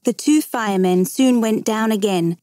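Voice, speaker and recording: A woman reading a true story aloud in a measured way, slowing down at the dramatic moments. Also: on the high side, warm tone, no room sound, studio quality. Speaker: narrator.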